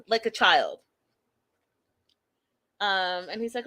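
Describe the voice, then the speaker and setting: A woman hosting a casual reality TV recap, talking in an animated, exasperated, gossipy way. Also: fairly low pitch, a little slow, long pauses. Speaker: host.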